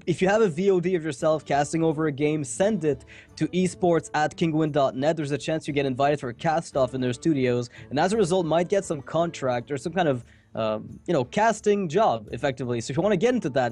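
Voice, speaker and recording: A man casting an esports match, chatting casually between games with quick asides and jokes. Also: on the high side, lively intonation, darkish tone. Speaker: esports caster. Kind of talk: casual pre-match commentary.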